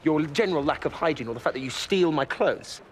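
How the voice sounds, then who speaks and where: A man's voice: on the high side, lively intonation, fairly quick, natural voice. An actor playing an exasperated male doctor sidekick who complains indignantly, in period film dialogue.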